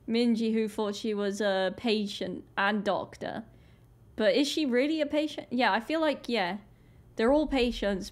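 A young British woman with a British accent, hosting a casual reaction vlog, chatty and excitable with many "like" fillers. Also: on the high side. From Britain. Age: young adult. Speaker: reaction video host. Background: faint music video playing.

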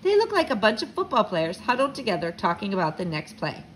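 Lively teacher reading a storybook aloud. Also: female voice, mid-range voice, fairly quick, a little hiss or hum, poor audio. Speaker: fourth-grade teacher. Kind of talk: reading a children's book aloud. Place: at home, living room.

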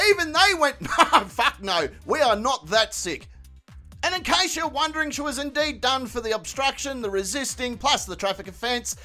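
A man's voice: extremely high pitch, bright, forceful tone. A man hosting a comedy commentary channel, brash and jokey, swearing freely.

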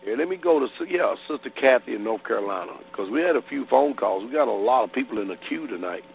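A man's voice: medium pitch, expressive, fast, creaky, a little hiss or hum. A man, a pastor, hosting a call-in radio show and speaking to callers in a plain-spoken, conversational way. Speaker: radio pastor and host taking calls. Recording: tinny phone-line sound.

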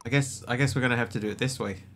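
Talking rapid-fire in a mid-range, fairly bright voice, a man offers loose commentary while streaming a building game. He rambles, cracks jokes, and puts on mock-pretentious pronunciations.

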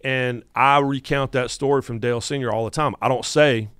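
A man's voice: mid-range voice, moderate pace, clear, resonant tone, dry recording, studio quality. A man in his fifties with a North Carolina Southern accent, telling stories as a guest host on a casual podcast. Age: 50s. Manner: animated storyteller who acts out quotes.

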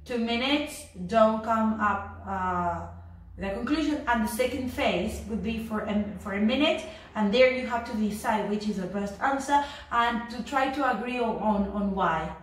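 A woman's voice: a little high, normal speed. A woman teaching an English lesson, hesitant, with many fillers and restarts, whose native language is Spanish. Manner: acts out sample phrases in a livelier voice. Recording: very echoey room, a bit distant from the mic.

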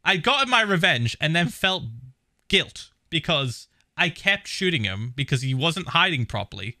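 Brief: male streamer, raised pitch, casual reaction commentary, loose and profane. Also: moderate pace, no room sound, studio quality. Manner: animated, swears a lot, laughs often.

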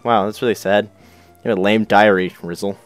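A man's voice: fairly low pitch, steady tone, brisk, smooth, dry recording, faint music behind. A young man hosting a casual let's play, chatting loosely, swearing and reading game text aloud in silly voices. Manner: goofy, swears, shouts character names.

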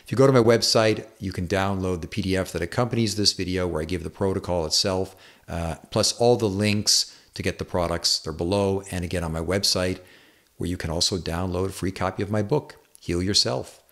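Middle-aged man, very low voice, casual unscripted explainer with fillers. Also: brisk, creaky. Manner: relaxed, unscripted, frequent fillers and self-corrections. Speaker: chiropractor giving health advice. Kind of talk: casual explanatory monologue to camera.

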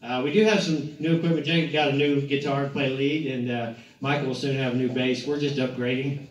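A man's voice: medium pitch, little pitch movement, brisk. A man, a pastor rambling through church announcements and a joke, often correcting himself. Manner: rambling, joking, self-correcting. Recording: echoey, distant, muffled, with guitar music.

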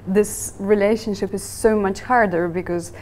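A woman's voice: mid-range voice, fairly even intonation, moderate pace, a little mellow, slight background noise. A woman joining a casual podcast chat, speaking in a thoughtful, reflective way.

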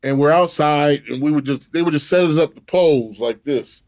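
A man telling a profane story as an interview guest, animated, laughing often and acting out the other people in it. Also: fairly high pitch, normal speed.

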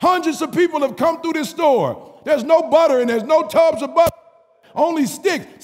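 A male pastor telling a story in an animated sermon, with repeated call-and-response phrases. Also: very high-pitched, normal speed. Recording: reverberant hall.

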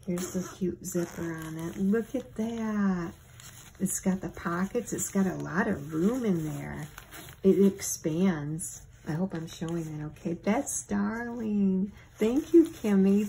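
A middle-aged woman opening gifts from a friend on her home channel, talking in a gentle, gushing, thankful way with soft laughs. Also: on the low side, a little hiss or hum, low-quality recording. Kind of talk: casual unboxing chat.

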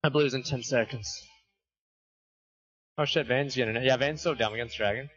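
A man's voice: medium pitch, moderate pace, fairly bright tone, breathy edge, soft background music. A man in casual voice chat during a game, joking and swearing loosely. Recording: dull lo-fi stream audio.

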